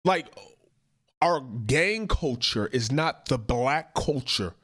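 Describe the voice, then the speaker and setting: A man's voice: mid-range voice, lively intonation, slow, a bit bright, slightly rough. A man hosting a reaction commentary, talking in a profane, emphatic and indignant way. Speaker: host, commentator.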